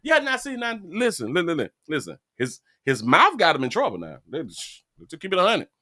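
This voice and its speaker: A man hosting a live stream, ranting animatedly with frequent laughs, repeated words and loud high outbursts. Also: wildly swooping pitch, a little fast. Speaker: live-stream show host. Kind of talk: live-stream commentary rant.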